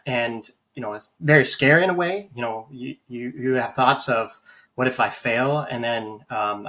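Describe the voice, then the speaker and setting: Interview guest, male, mid pitch, sincere, halting delivery with fillers. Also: sharp tone. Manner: earnest, many fillers and restarts. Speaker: guest, AI voice banking practitioner. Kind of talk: conversational interview storytelling.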